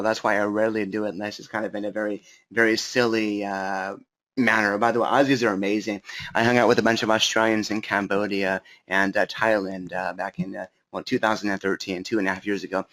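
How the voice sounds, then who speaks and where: A man's voice: on the low side, fairly even intonation, fairly quick, fairly bright tone. Upbeat chatty man. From Southern California. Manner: upbeat, chatty, many fillers. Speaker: webinar coach. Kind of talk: live webinar Q&A.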